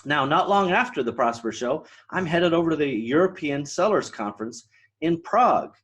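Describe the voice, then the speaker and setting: A man's voice: fairly high pitch, expressive, normal speed, a bit bright, slightly rough. A man hosting his podcast alone, talking casually with lots of fillers and restarts. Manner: rambling, many fillers and restarts. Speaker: podcast host. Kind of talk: casual solo podcast monologue.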